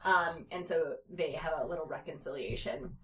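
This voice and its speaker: A woman's voice: deep voice, moderate pace, slight background noise. Giggly woman reading fan fiction aloud. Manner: giggly, sarcastic asides. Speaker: podcast host.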